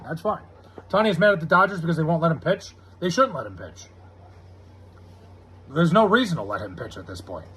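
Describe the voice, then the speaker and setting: High, husky American man rambling. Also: sharp tone. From United States. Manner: loose and profane, lots of "like" fillers. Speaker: live streamer reading chat. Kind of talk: casual rambling chat.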